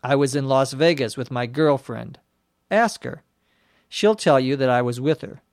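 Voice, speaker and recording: A man's voice: medium pitch, moderate pace, dry recording, clean studio sound, natural voice. A man voicing a defensive male ex-employee who answers back a little pushily.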